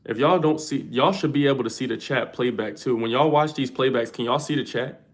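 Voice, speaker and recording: A man's voice: mid-range voice, a little fast, roomy sound. A young man hosting a livestream, talking loosely and slangily straight to his viewers' chat. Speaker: livestream host.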